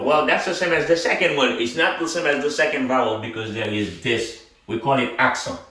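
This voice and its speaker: Slow, patient man teaching in an echoey room. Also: mid-range voice, pushed and bright, recorded from a distance. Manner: slow, patient, repeats sounds for drilling. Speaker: language teacher. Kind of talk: classroom-style lesson. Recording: very echoey room, speaking off-mic.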